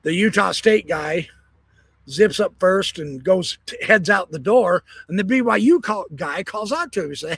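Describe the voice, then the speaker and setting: A man hosting a live stream from his backyard, chatting loosely and laughing at his own corny jokes. His voice sits a little high and sounds husky. The sound is dry and close. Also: animated, normal speed, a bit bright, no echo. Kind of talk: casual live-stream chat. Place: backyard, outdoors.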